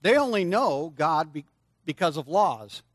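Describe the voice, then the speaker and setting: A man's voice: on the high side, measured pace, no room sound. Older guy preacher doing a kids talk, coaxing them to answer, dry close sound. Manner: lively, coaxing, speaks straight to children. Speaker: preacher leading a children's lesson. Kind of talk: sermon with audience participation.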